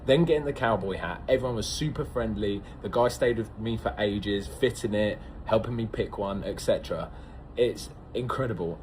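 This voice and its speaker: A man's voice: fairly low pitch, darkish tone, a little hiss or hum, low-quality recording. Amazed British man telling travel stories. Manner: enthusiastic, amazed storytelling. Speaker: visitor. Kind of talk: casual travel vlog.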